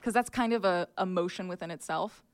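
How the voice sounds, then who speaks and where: A woman acting as game master, explaining rules and narrating in a quick, chatty way full of fillers. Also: on the low side, clear, resonant tone. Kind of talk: running a tabletop game.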